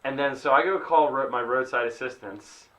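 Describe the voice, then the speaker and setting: A young adult co-hosting a podcast speaks in a mid-range voice at normal speed, with crowd noise behind him. He spins a rambling, casual story, laughing and acting out what people said.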